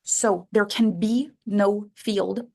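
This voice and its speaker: A woman's voice: mid-range voice, fairly even intonation, takes it slowly, vocal fry, darkish tone. A middle-aged woman, a life coach, talking to listeners in a coaching call and acting out inner voices with big jumps in her voice.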